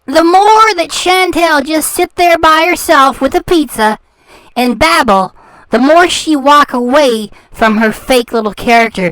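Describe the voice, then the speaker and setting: The reaction-channel host speaks high and unhurried, her tone fairly bright, with no echo on the audio. Her ranting commentary turns sarcastic and taunting as she repeats words in scorn.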